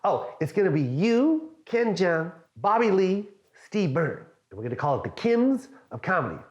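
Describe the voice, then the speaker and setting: A man voicing a pushy, smooth-talking Hollywood agent in a low, murmured salesman's drawl, acting out a scene in an animated comedy story. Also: normal speed, reverberant, dull audio. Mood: smooth pitching.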